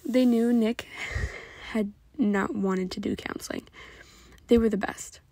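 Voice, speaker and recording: A woman's voice: medium pitch, steady tone, measured pace, gravelly, warm tone, no room sound. A woman reading fan fiction aloud in a plain, unpolished way with occasional slips. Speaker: reader.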